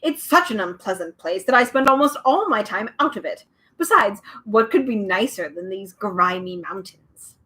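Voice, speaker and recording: A woman voicing a meddling male bird who snatches words, in a shrill, cackling, interrupting way. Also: expressive, moderate pace, pushed and bright. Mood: wistful.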